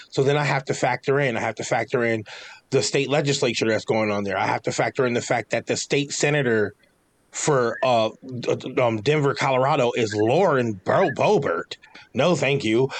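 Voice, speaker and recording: A man, talking bluntly and swearing for emphasis in a casual chat. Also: mid-range voice. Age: 40s.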